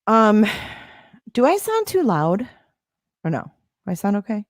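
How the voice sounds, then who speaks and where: A woman's voice: mid-range voice, huge pitch swings, a little slow, no echo, clean studio sound. A woman hosting a casual livestream, answering viewer comments in a sarcastic, defensive way. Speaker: livestream host.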